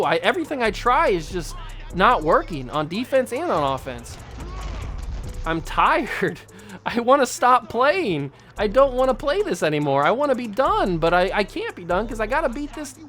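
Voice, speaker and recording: Young gamer host venting thru a football game, mid-pitched voice, faint game music underneath. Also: fairly bright tone. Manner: exasperated, venting running commentary. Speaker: channel host. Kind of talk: video game play-by-play commentary.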